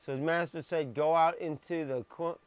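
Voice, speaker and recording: A man's voice: on the high side, fairly even intonation, moderate pace, smooth, no room sound. A man reading scripture on a live stream, stressing words and dropping blunt, sarcastic asides. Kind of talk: live-streamed Bible message. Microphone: streaming microphone.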